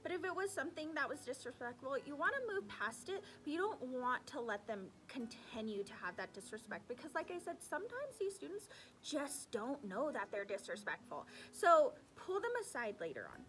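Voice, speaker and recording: Animated young woman teacher, lively pitch. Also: moderate pace. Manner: animated, acts out her students' voices, drops into asides. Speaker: sixth-grade teacher. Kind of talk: casual talk to camera giving advice.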